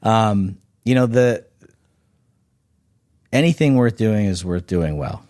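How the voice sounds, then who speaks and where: A man with a very low voice talks in loose, emphatic bursts, doubling back and repeating words as he goes. He swears casually, and the sound is dry and close. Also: expressive, slow, a little mellow, no room sound. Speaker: guest, snack bar founder. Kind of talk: casual podcast chat.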